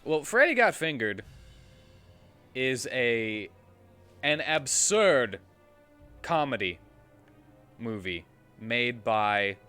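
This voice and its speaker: A man streaming a game, chatting casually and retelling a film in a halting, rambling way. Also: medium pitch, sing-song, sharp tone. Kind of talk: casual chat while gaming. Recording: faint game music behind.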